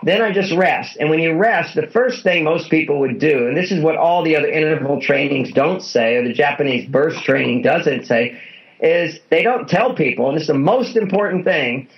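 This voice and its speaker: A man's voice: a little high, moderate pace, gravelly. A man being interviewed as a guest author, explaining things in an earnest, instructive way and repeating his key points. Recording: dull lo-fi audio.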